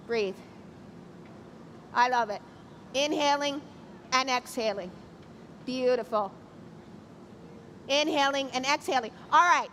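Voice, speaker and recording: A woman's voice: sits high, fairly bright tone, slight background noise. A middle-aged woman teaching an outdoor yoga class, giving playful, encouraging cues and jokes. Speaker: yoga instructor. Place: outdoor city square event.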